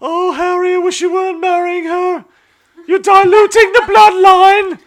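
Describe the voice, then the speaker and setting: A man voicing a haughty, scheming elderly British queen in a shrill falsetto. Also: level tone, a little slow.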